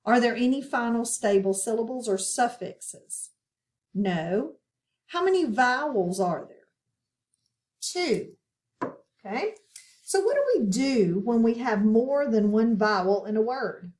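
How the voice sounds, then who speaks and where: Woman teacher, slightly high voice, unhurried, patient questioning phonics lesson. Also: animated, a little mellow. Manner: slow, patient, asks questions and pauses.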